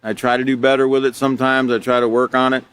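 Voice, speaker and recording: A man from Alaska teaching a character education class, reading from a textbook and explaining it in a relaxed, conversational way with frequent fillers. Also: medium pitch, fast, clean tone, no room sound. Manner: relaxed and conversational, many fillers, laughs between points.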